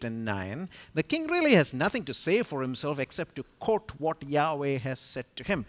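Emphatic man teaching scripture. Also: a little high. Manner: emphatic, with rhetorical questions and sharp swings in loudness. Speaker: conference speaker teaching scripture. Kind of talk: expository Bible teaching. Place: conference venue.

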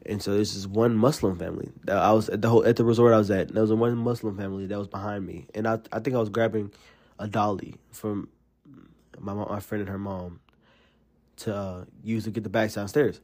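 This is a man from Alabama with a Southern US accent, hosting his own podcast alone. His voice sits a little low, and he tells his stories in a rambling, animated way, full of fillers and restarts. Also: a little fast. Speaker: podcast host. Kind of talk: casual solo podcast monologue.

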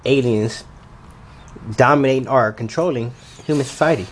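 A man's voice: mid-range voice, moderate pace, a little hiss or hum. A man co-hosting a podcast in casual chat, joking and swearing with slangy phrasing. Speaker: podcast co-host.

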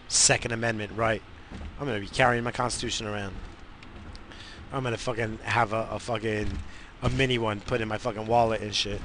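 A man's voice: medium pitch, fairly even intonation, a little fast, a bit bright, slight background noise. A man from the United States hosting a show, ranting in a profane, rambling, fired-up way from inside a car. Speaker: radio show host. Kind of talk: profane casual rant.

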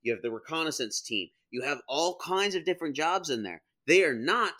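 A man co-hosting a casual comedic debate, animated and laughing often as he argues his side. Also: a little high, brisk. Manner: animated, laughs often, quotes people in put-on voices. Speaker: podcast co-host.

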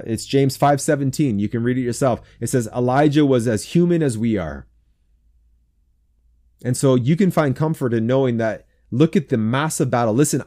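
A man speaks to other men in a devotional talk, his voice dark and mellow. He prays earnestly, repeating phrases as he intercedes. His delivery stays soft and hushed, level in pitch. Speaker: men's ministry speaker.

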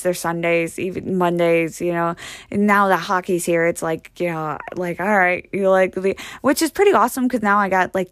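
A woman's voice: lowish voice, no echo, clean studio sound. A woman telling a story in a casual, rambling way, full of fillers and swearing.

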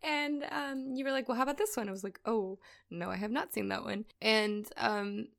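A woman's voice: a little high, fairly even intonation, normal speed, vocal fry, fairly bright tone. A woman co-hosting a podcast in casual chat, chatty and often laughing as she tells stories. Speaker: podcast co-host.

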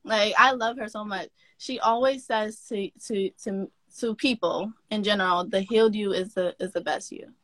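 Woman podcast host, bright and a touch high, chatty and animated, dry close sound. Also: moderate pace, hardly any pauses, dry recording. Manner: animated and chatty, with frequent laughter and affirming "mm-hmm"s. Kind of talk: casual girl-talk interview.

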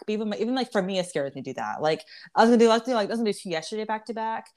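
Here the young woman hosting the podcast races along in an expressive, medium-pitched voice. It's a candid, casual chat peppered with swearing, laughter and repeated restarts.

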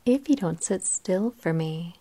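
A woman's voice: on the low side, lively intonation, a little slow, mellow. A woman reading a first-person story aloud in a cheerful, playful and teasing manner. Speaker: narrator.

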